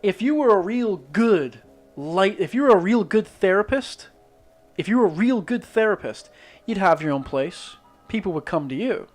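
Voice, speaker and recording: A man's voice: sits high, expressive, normal speed, soft background music. A man from Northern Ireland with a muted Northern Irish accent, streaming while he draws, ranting skeptically with lots of swearing and restarts. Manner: rambling with many restarts. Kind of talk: casual chat while drawing.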